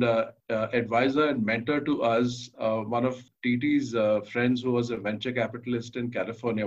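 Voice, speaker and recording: A man, a company co-founder, recalling a career decision in an interview, hesitant with many fillers. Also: medium pitch. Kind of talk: interview storytelling. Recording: dull lo-fi sound.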